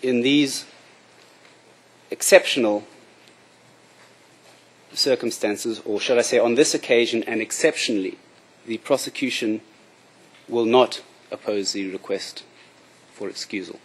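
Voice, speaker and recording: A man making a formal, measured courtroom submission as prosecution counsel. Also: medium pitch, breathy edge.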